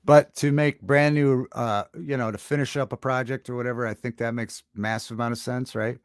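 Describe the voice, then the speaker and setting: A man hosting a casual livestream talk show, chatting with viewers in a halting, rambling way with many fillers and restarts. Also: medium pitch, fairly even intonation, smooth, no echo, clean studio sound. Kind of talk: casual livestream chat reading viewer comments. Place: home studio.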